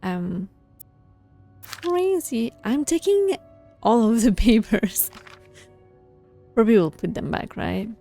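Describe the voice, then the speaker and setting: A woman with a mellow, warm voice talks casually through a game as she plays. She thinks aloud, hesitates often and laughs lightly under her breath. Faint music sits underneath. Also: fairly high pitch, lively intonation, slow, creaky, long pauses. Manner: muses aloud while playing, with frequent small laughs and hesitations. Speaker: gaming video host. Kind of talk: casual let's-play commentary, reading game letters aloud.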